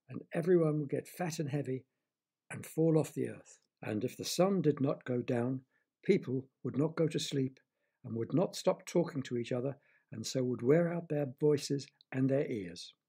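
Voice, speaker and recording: A man narrates a bedtime story for children, chatting gently and speaking straight to his young listeners. His voice is gravelly, mellow and husky. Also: a little high.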